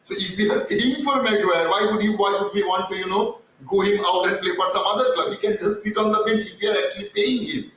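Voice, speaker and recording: A man's voice: high voice, steady tone, fairly quick, few pauses, fairly bright tone, a little hiss or hum. Man with a cracked voice, echoey room. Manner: rambling, repeats words, many fillers. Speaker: fan channel host. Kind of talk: casual live football chat. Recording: distant mic in a very echoey room.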